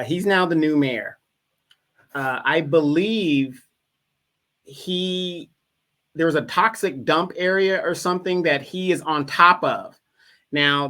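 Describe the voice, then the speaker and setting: A man, a guest in a casual political discussion, speaking in a measured way while he searches for words. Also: on the high side, sharp tone. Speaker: guest commentator.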